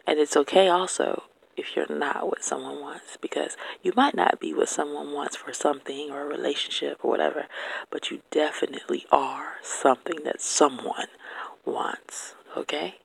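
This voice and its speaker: Gravelly, husky whispering encourager. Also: medium pitch, flat delivery, moderate pace, no echo, rough recording. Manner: largely whispered, soft and earnest; addresses viewers directly with "okay?". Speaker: faith-based encouragement speaker. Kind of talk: encouraging personal talk to viewers.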